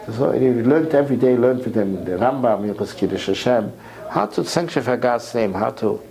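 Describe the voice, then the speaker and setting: A man giving an impassioned sermon lecture, repeating words as his voice climbs to near shouts. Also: mid-range voice, expressive, normal speed, low-quality recording. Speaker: rabbi lecturer.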